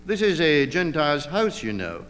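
A man's voice: fairly high pitch, big pitch swings, normal speed, fairly bright tone, in a large hall, soft background music. A man reading an audiobook, voicing a drunken, blustering man with a drawling, oddly feminine manner. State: drunk and rambling. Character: drunken blustering man, effete, mocking and evasive.

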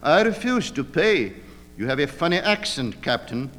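A man's voice: on the high side, sing-song, moderate pace, fairly bright tone, big-room sound, slight background noise. A man reading an audiobook, voicing a drunken, blustering man with a drawling, oddly feminine manner. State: drunk and rambling. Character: drunken blustering man, effete, mocking and evasive.

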